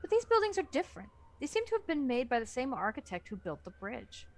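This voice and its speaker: Woman, book club reader, expressive narration, high-ish, lively intonation. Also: fast talker. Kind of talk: reading a novel aloud.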